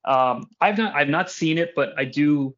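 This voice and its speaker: A man's voice: on the high side, normal speed, a bit bright. Profane rambling podcast host, man. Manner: rambling, profane, laughs often. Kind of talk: casual chat. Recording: dull lo-fi sound.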